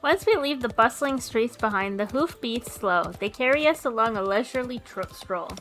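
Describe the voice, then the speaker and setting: A woman game streamer reading the story narration aloud, breaking in with expressive, quick asides. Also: fairly high pitch.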